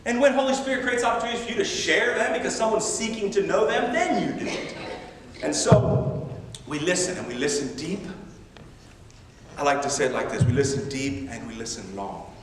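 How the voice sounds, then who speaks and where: Animated preacher in an echoey hall. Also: male voice, high-pitched, a little fast, distant mic. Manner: animated, emphatic, self-deprecating humor. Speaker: missionary preacher. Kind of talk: sermon. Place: large church sanctuary. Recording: echoey church hall from afar.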